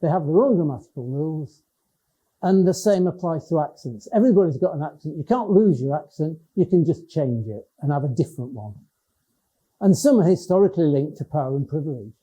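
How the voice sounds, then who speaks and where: An older man with a northern English Cumbrian accent delivers a public lecture in a loose, conversational way, often restarting his phrases. His voice is very dark and somewhat husky. The recording sounds dull and lo-fi. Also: a little high, lively intonation, fairly quick. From Lake District, England. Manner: conversational, with frequent restarts and hesitations. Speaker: education professor giving a talk.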